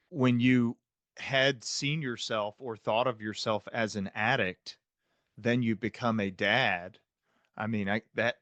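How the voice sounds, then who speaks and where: A man's voice: lowish voice, a bit bright, no echo. A man hosting a podcast, asking interview questions in an empathetic way while searching for words. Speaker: podcast host.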